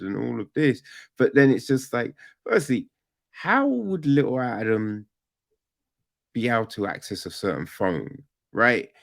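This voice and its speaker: Male podcast reviewer, unhurried and expressive, rambling rants full of profanity. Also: medium pitch, gravelly. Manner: animated, profane, rambling, with sudden loud outbursts. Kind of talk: casual film review monologue.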